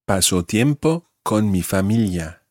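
A man's voice: fairly low pitch, animated, darkish tone, no echo, studio quality. A man teaching Spanish, patiently modelling verb forms and stress for a learner to repeat. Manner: patient, models pronunciation slowly. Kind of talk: language lesson drills.

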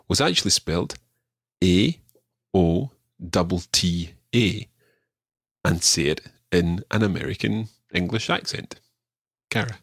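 A man's voice: low-pitched, a bit bright, no room sound, studio quality. A Scottish man hosting a language podcast, patiently explaining pronunciation with a slightly self-deprecating manner. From Scotland.

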